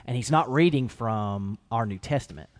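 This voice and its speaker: A man with a medium-pitched voice at normal speed co-hosts a casual discussion, talking animatedly. He acts out quoted lines with lively shifts in his voice.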